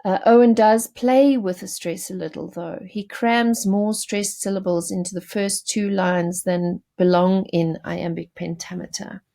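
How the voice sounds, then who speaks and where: A woman's voice: mid-range voice, steady tone, a little slow, vocal fry, few pauses, warm tone. A woman teacher giving a recorded lesson, explaining poetry to her students with fillers and self-corrections. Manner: explanatory, addresses students directly.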